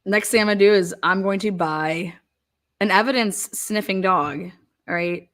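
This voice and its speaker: A woman chats with her livestream viewers in a loose, giggly way. Her voice sits in a middle pitch, and she talks freely and jokes along. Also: moderate pace. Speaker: livestream host. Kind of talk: casual chat over a courtroom livestream.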